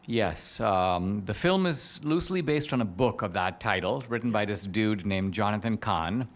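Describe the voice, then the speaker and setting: A man who is a filmmaker and author, explaining things in a measured, cautious way as a podcast guest. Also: on the low side, lively intonation. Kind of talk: interview talk.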